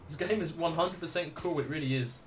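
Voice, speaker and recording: A man's voice: a little high, brisk. A man livestreaming a video game, reacting with swearing and laughter while chatting casually with viewers. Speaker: gaming livestreamer. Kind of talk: casual let's play commentary.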